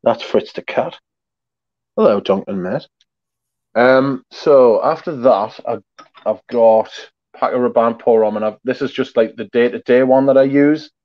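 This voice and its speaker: A man talks in a laid-back, rambling way, full of ums and restarts, and swears freely. His voice has a middle pitch. It comes through a video call that sounds dry and a little dull. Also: measured pace, no echo. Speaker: perfume collector guest showing his collection. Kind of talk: casual chat, swearing freely.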